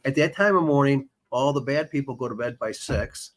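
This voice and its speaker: Man telling a lively story. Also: mid-range voice, fairly quick. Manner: animated storyteller, acts out quotes. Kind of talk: casual chat.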